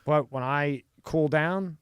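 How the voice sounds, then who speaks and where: A man's voice: fairly high pitch, takes it slowly, clear, resonant tone, dry recording, clean studio sound. Blunt man with a resonant voice. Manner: blunt, animated storyteller, swears freely. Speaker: podcast host. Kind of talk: casual chat.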